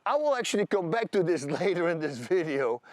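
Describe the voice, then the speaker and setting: A man with a fairly high voice tells his own story in an emphatic, conversational way. The sound is dry and close, with no room behind it. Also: big pitch swings, brisk, dry recording. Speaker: video creator. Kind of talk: personal faith testimony.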